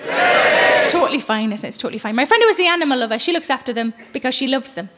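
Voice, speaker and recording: A loud crowd and heavy background noise surround this middle-aged comedian, whose high-pitched, fast delivery trails a long reverb. On a theater stage with a live audience, she swears freely and tells animated, blunt stories.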